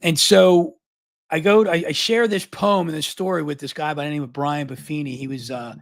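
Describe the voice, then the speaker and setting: A middle-aged man from Baltimore, a guest on a live interview, telling a long story at high speed, often repeating words and restarting. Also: dry recording. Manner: fast, energetic, long-winded storytelling.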